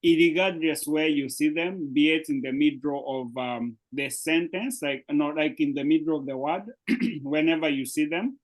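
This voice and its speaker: A man's voice: fairly high pitch, normal speed, poor audio. A man teaching a beginners' language class over a video call, explaining patiently and checking often that his students follow. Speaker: Swahili teacher. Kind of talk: live online language class.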